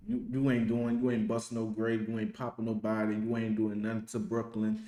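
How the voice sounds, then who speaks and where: A man's voice: mid-range voice, fairly quick, few pauses, warm tone, roomy sound. A man hosting a reaction video, giving blunt, profane, mocking commentary. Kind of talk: heated commentary.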